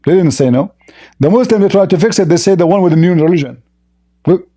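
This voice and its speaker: Scornful man with a dark, mellow voice. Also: sits high, lively intonation, quick pace. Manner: mocking, scornful, repeats rhetorical questions. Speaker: religious debate host. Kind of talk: combative religious debate monologue.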